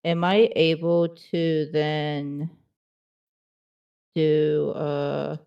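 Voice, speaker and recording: A woman's voice: low-pitched, little pitch movement, very slow, vocal fry, smooth, muffled recording. A woman playing a tabletop game, asking about the rules in a chatty, hesitant way with many fillers. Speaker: player.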